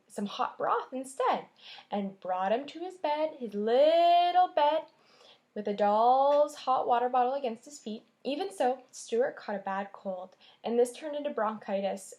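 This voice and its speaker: A woman teacher reads a chapter book aloud to her class, telling the story with expression and pausing to point at the pictures. Her voice is high-pitched and animated, with a darkish tone.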